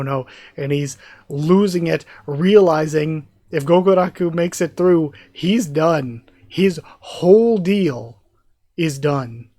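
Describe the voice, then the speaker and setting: A man streams his live reaction to a manga, reading pages and breaking in with excited, gushing comments. His voice sits a little high for a man. The sound is dry and close, with no room echo.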